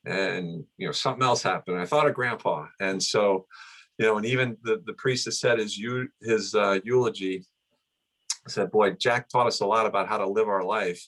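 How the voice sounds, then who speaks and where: Middle-aged man, lower voice, casual rambling interview talk, lots of restarts and fillers. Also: normal speed, fairly bright tone. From United States. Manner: rambling, many restarts and "you know". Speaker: guest, son of the honoree.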